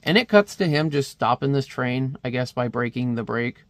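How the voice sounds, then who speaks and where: A man's voice: mid-range voice, expressive, normal speed, dry recording. A man casually reviewing a comic, chatty and wry, with many fillers.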